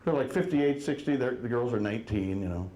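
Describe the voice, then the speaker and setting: A man's voice: mid-range voice, warm tone. Middle-aged man doing stand-up in an echoey room. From Wisconsin. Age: 40s. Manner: wry storytelling with quick quoted asides. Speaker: stand-up comedian. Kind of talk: stand-up comedy set. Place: live comedy venue with audience.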